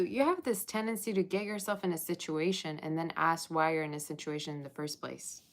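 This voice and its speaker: A woman's voice: low-pitched, brisk, few pauses. A woman reading tarot on a live stream, chatting with viewers in the chat and sometimes dropping to a whisper. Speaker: tarot reader.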